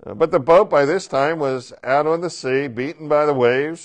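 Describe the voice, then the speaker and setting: A man's voice: fairly high pitch, normal speed. A man teaching a Bible class in a conversational way, asking the listeners questions and acting out the quotes. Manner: animated, asks the class questions, acts out quotes.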